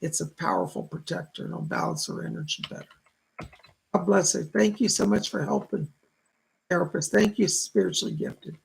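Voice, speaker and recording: A man hosts live psychic readings, reading out viewers' messages and passing on what the spirits tell him. His voice is heavily gravelly and rough with rasp. His pitch swings widely as he talks. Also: very animated, normal speed, poor audio. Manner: reads viewer messages aloud and relays spirit messages. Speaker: psychic reader, show host.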